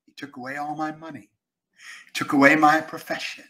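Older male character actor as guest, bright and forceful, lively storyteller. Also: a little high, normal speed, low-quality recording. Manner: animated storyteller, emphatic, jumps between loud and quiet. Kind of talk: casual interview chat.

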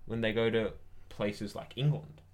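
A man's voice: fairly low pitch, fairly even intonation, a little slow. A young man with a New Zealand accent, hosting a podcast in casual, rambling, jokey chat. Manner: rambling, jokey, self-deprecating.

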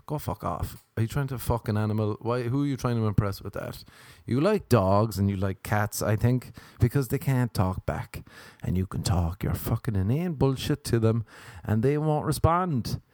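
A man's voice: fairly low pitch, normal speed, darkish tone, dry recording. A man with an Irish accent telling a rambling comic rant, swearing freely and mocking people. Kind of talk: casual comedic rant.

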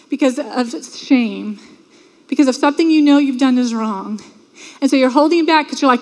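A woman preaching a sermon in a church, talking earnestly and conversationally and acting out the voices of the crowd. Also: high voice. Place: church sanctuary. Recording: long hall reverb.

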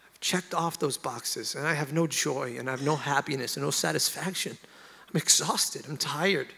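Gravelly pastor in an echoing church. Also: male voice, fairly high pitch, a bit bright. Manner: earnest, emotional, halting with restarts. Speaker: worship pastor. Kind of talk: confessional sermon storytelling. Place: church stage.

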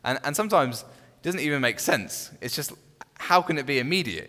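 With a medium-pitched voice, brisk and with few pauses, a man guides a small Bible study group conversationally and at ease. He often starts phrases over and poses questions to the group. The room gives his voice a long reverb.

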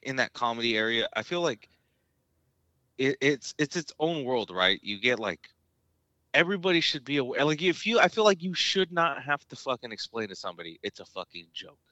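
A man's voice: medium pitch, sing-song, moderate pace, bright, forceful tone, no room sound. A man co-hosting a podcast in casual chat, talking emphatically with heavy swearing. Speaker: podcast co-host. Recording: dull lo-fi dry sound.

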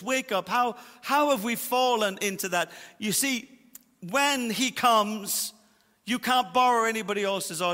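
A man preaching a sermon as pastor, emphatic, slowing down to stress his points. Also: sits high, pushed and bright, big-room sound. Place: church auditorium.

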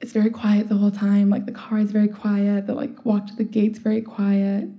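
A woman's voice: medium pitch, completely flat delivery, fairly quick, lo-fi sound. A young woman telling a personal story in a casual, chatty way, full of "like" fillers and wry laughs. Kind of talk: storytelling monologue.

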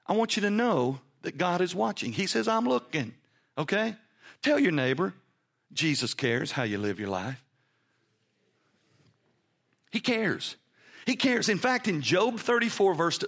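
A man preaching a sermon as pastor, emphatic, dropping low and then rising loud. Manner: preaching with emphatic, swinging pitch and volume.

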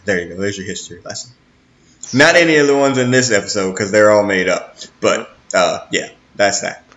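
Chill guy with a lowish voice riffing on a cartoon episode with friends. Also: fairly quick, fairly bright tone, muffled recording. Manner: laid-back, joking, explains history. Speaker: podcast co-host. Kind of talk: casual chat watching a cartoon.

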